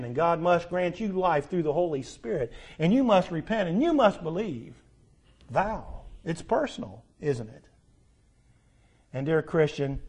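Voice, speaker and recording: Older guy preaching, high voice, repeats words for emphasis, loud then hushed. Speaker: pastor. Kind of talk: sermon.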